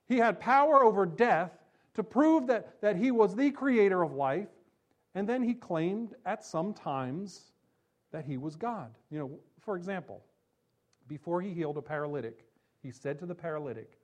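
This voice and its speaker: Emphatic man preaching a sermon. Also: expressive. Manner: emphatic, slows down for key phrases, drops low and soft for quotes. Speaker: pastor.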